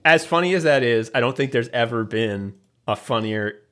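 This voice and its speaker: Rambling, animated male podcast guest. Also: medium pitch, normal speed, smooth. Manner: animated, rambling, full of restarts and "like". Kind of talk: casual podcast chat.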